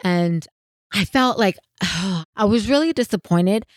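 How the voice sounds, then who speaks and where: A woman co-hosting a podcast, telling a story in casual chat. She talks in an animated way, laughs often, and her voice sits at an ordinary pitch. The recording is dry and close, with no room echo. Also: takes it slowly. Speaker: podcast co-host.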